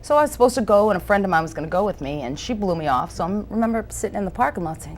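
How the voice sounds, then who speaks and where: Brash, lively woman telling stories. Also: mid-range voice, racing, a little hiss or hum. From South Boston, USA. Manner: animated, brash storytelling with frequent laughs. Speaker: comedian guest. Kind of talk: casual interview chat.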